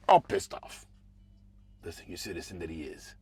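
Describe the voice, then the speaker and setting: A man hosting a podcast. He rants casually and profanely about politics, muttering one moment and shouting the next. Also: low voice, normal speed, pauses often, husky. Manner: animated, profane, swings between mumbling asides and raised outbursts. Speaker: podcast host.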